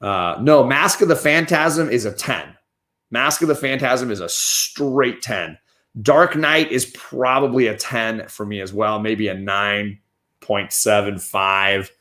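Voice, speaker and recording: A man's voice: lowish voice, slow pace, pushed and bright. A man hosting a casual review show, talking through his opinions on films in a chatty, opinionated way with frequent restarts. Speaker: comic and movie reviewer, show host.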